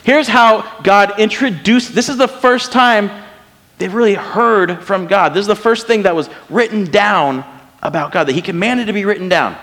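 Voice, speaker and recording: A man's voice: sits high, moderate pace, a bit bright. Joking man preaching in a reverberant hall. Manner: conversational, joking, asks rhetorical questions. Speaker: pastor. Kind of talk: casual sermon.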